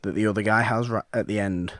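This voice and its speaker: A man with a fairly low voice chats about films on a podcast. He talks animatedly, acting out his own reactions and often restarting his sentences. The sound is dry and close, with no room around it. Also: steady tone, fast, a bit bright, no echo. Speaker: podcast co-host. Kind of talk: casual film chat.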